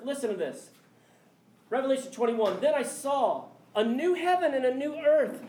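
A man preaching a sermon as pastor, animated and conversational, slipping in quick jokes. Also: extremely high pitch, background noise. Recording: echoey hall with faint ambience.

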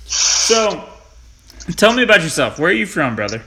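A man's voice: high voice, big pitch swings, normal speed, sharp tone, a little hiss or hum. A man from Missouri hosting a podcast, chatty and rambling in casual talk, with lots of fillers and laughs. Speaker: podcast host. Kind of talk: casual chat.

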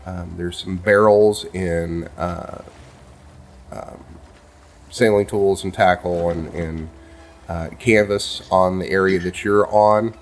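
A man narrating a tabletop game as game master, halting, with many ums and uhs. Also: low-pitched, fairly even intonation, soft background music.

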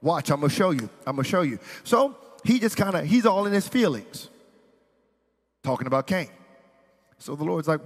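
A man's voice: on the high side, lively intonation, normal speed, long pauses, in a large hall. A man preaching a sermon as pastor, reading scripture and building intensity with playful asides. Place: church sanctuary.

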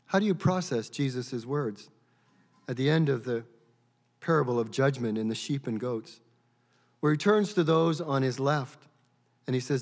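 This man's mid-range, darkish voice moves with lively intonation at normal speed, broken by long pauses. He's a pastor giving an earnest, questioning sermon, repeatedly stumbling and repeating words as he thinks aloud, with a large hall's long reverb around him.

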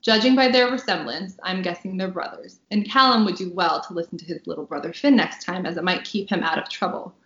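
A woman author reading a passage from her own novel aloud on a podcast, bubbly and quick to laugh between lines. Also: lowish voice, fairly bright tone, echoey room, lo-fi sound. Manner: bubbly, laughs often, reads with dry punchy delivery.

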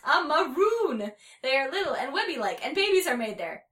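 A woman's voice: a little high, normal speed, fairly bright tone, reverberant, voice pushed up, natural voice. Woman voicing a shrieking, bossy young female cat. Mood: excited yelling. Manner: shrieky, exasperated outbursts.

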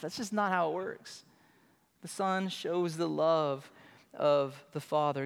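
A man's voice: a little high, slow pace, pauses often, clear, resonant tone. A man preaching a sermon, earnest and emphatic, often repeating phrases for weight. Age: adult with children. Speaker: pastor. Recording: long hall reverb.

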